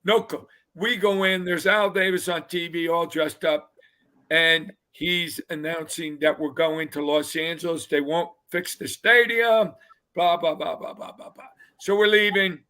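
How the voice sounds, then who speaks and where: An older man, a retired football player, telling lively anecdotes as a guest on a casual fan show, often laughing and mimicking others. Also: fairly high pitch, measured pace, clear, resonant tone.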